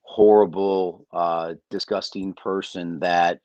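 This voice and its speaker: A middle-aged man from Michigan with a lowish voice tells stories on a sports podcast. He plays out each quote and swears freely, and the sound is close and dry. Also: slow, no room sound, highs cut off. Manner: animated storyteller, acts out quotes, swears freely. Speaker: guest.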